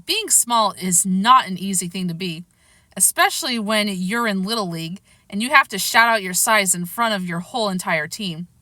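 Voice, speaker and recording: Bright, lively woman storybook reader. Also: mid-range voice, moderate pace, dry recording. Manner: lively, expressive. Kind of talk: storybook narration.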